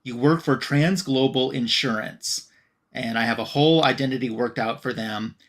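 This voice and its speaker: A man's voice: medium pitch, normal speed. A man, a podcast co-host, casually recapping a comic scene by scene, reading out the characters' lines with plenty of "um" and "uh". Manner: retells scenes by reading out dialogue with "she's like"; relaxed, frequent "um" and "uh" fillers.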